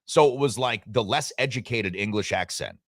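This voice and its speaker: A man's voice: on the low side, moderate pace, fairly bright tone, dry recording, clean studio sound. A man hosting a sports radio show in casual, joking chat, rambling and reading listener messages.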